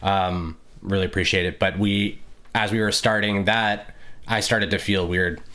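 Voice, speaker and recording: This podcast co-host has a low-pitched, sharp voice with a steady tone and a slightly slow pace. His casual talk wanders thoughtfully, with lots of fillers and false starts.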